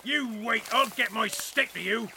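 A man voicing an angry male farmer who yells gruffly from a distance. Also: very high-pitched, measured pace, a little hiss or hum, voice pushed up, exaggerated voice. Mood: furious. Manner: yelling, gruff.

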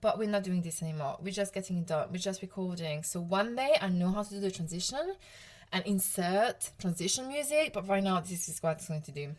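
A woman's voice: lowish voice, fast talker, few pauses, darkish tone. A woman in her thirties from Provence with a French accent, hosting her own podcast as a coach in a chatty, self-deprecating way with frequent laughs. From France, Provence. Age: 30s. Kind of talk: casual solo podcast talk.

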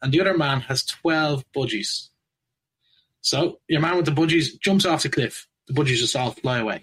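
A man's voice: a little high, normal speed, a bit bright, breathy edge, rough recording. A man telling jokes on a podcast, laughing at his own punchlines. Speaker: podcast co-host. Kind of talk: casual joke telling.

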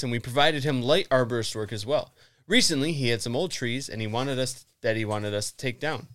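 Podcast dude reading a story out loud, laughs a lot, swears, trips over words. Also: male voice, medium pitch, a little fast, dry recording. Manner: laughs often, crude swearing, restarts while reading. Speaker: podcast co-host. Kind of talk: casual chat, reading an article aloud.

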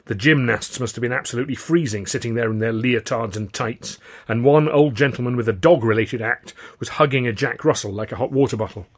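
Husky-voiced man narrating a comic novel. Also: mid-range voice, a little fast. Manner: wry, lively storytelling with character voices. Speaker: author and narrator.

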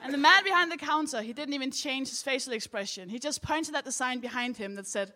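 A woman co-hosting a live comedy show, telling an animated stand-up story and laughing along as she goes. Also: high-pitched, fast talker, background noise. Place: live comedy venue with audience.

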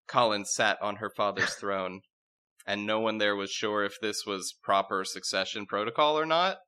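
Bright-voiced man narrating a comic tale. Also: lowish voice, normal speed, clear, resonant tone. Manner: wry, deadpan narration with frequent laughs. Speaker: narrator and storyteller. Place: podcast recording with friends.

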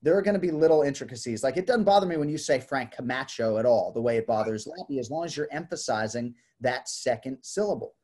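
A man in relaxed conversation, a combat sports broadcaster who talks in a lively way and acts out how names are pronounced. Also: mid-range voice, quick pace, few pauses, husky. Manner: animated, demonstrates name pronunciations. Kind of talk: casual chat.

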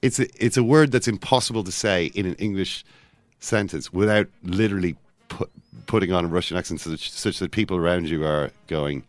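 A man co-hosting a casual football podcast, talking in rambling, self-interrupting runs with animated asides. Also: deep voice, brisk, few pauses, dry recording. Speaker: podcast co-host.

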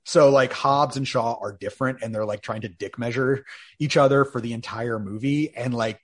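Wry, sarcastic man with a husky voice. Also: medium pitch, steady tone. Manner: wry, sarcastic, quick to laugh. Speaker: podcast co-host. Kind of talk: casual chat.

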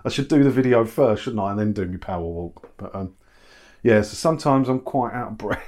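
In his kitchen at home, a middle-aged man who hosts a YouTube channel responds to viewer comments in a relaxed chat. His pitch is fairly low and his tone darkish, with lively intonation and a slightly fast pace, and he laughs frequently at his own expense.

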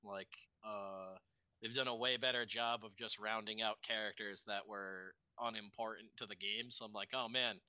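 Bright, wisecracking podcast man. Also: on the low side, fairly even intonation, moderate pace, clear, resonant tone, dry recording, muffled recording. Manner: wisecracking, crude. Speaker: podcast co-host. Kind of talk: casual chat.

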